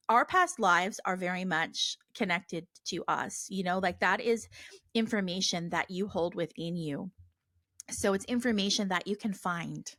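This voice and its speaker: A woman's voice: on the low side, a bit bright, no room sound, studio quality. A woman in her thirties hosting a casual podcast Q&A, talking earnestly and rambling with many fillers and restarts. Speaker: podcast host. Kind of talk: casual listener Q&A.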